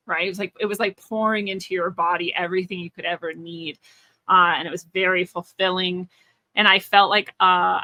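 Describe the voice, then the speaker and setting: Bright-voiced woman telling a personal story. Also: on the low side, dry recording. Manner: earnest and searching, many restarts and fillers. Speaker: interview guest, spiritual teacher.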